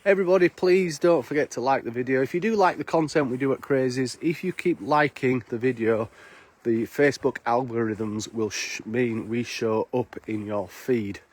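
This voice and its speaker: A man's voice: mid-range voice, normal speed, hardly any pauses. A man chats casually as he hosts a live stream, greeting viewers by name while walking outdoors through snowy streets. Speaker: live-stream host and bar worker.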